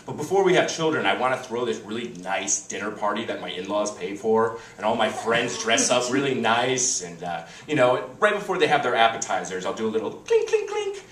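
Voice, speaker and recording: A man's voice: on the low side, lively intonation, fairly quick, few pauses, a bit bright, a little hiss or hum. A young man doing a stand-up routine in a small comedy club, conversational and rambling, full of "like" and "you know". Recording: roomy club sound, voice a bit far from the mic, audience laughter. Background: audience laughter.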